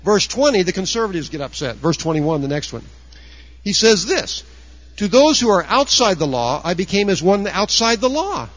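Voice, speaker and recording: A man's voice: sits high, big pitch swings, normal speed, fairly bright tone, no room sound, muffled recording. A man preaching a sermon earnestly, raising his voice to act out quoted objectors. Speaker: pastor.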